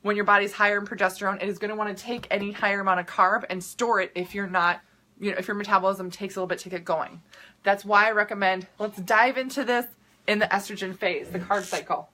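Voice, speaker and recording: Bright-voiced chatty woman, Minnesota accent. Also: medium pitch, fairly even intonation, fast. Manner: chatty, upbeat, many fillers and restarts. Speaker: health coach and podcast host. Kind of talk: casual live-stream talk to viewers.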